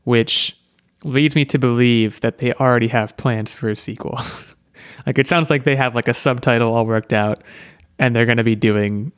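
A man's voice: mid-range voice, steady tone, normal speed, smooth, dry recording, clean studio sound. A man hosting a podcast, talking casually with lots of fillers and restarts. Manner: chatty, hedging, lots of "like" and restarts. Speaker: podcast host. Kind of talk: casual chat.

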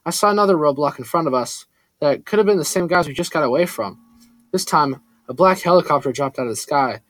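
A man reading a first-person story aloud in a steady, earnest way. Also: on the high side, no echo. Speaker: audiobook narrator. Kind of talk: first-person scripted narration.

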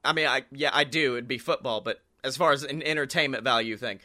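A young man co-hosting a casual chat show, joking, swearing and slipping into quick impressions. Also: mid-range voice, pushed and bright. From Alabama, US. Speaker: podcast co-host.

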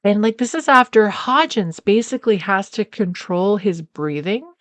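A woman co-host recapping a TV episode in casual chat. Her voice sits at an ordinary mid pitch and sounds dry and close. She gets animated and keeps slipping into characters' lines. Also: normal speed, no echo. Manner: animated, mimics characters in quotes. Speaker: podcast co-host.

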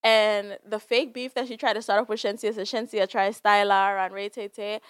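A woman's voice: medium pitch, flat delivery, a little fast, smooth, no echo, studio quality. A woman hosting a podcast, chatting casually about celebrity gossip with frequent laughs and fillers. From Jamaica. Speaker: podcast host.

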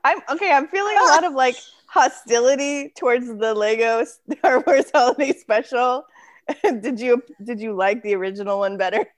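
A woman's voice: on the high side, moderate pace. Giggly woman in casual chat. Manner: laughs often, teasing. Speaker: podcast co-host.

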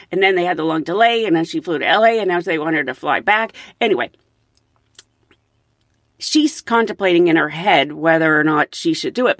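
Brief: chatty woman host with a lively, swooping pitch, storytelling. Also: dry recording, clean studio sound. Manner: chatty, animated, with fillers and laughs. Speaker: podcast host, flight attendant. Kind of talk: casual storytelling.

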